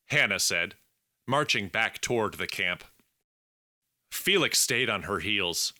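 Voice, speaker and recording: Male audiobook narrator, slow deliberate read, very bright tone. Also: on the low side, lively intonation, no echo, studio quality. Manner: measured, deliberate reading. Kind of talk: scripted narration.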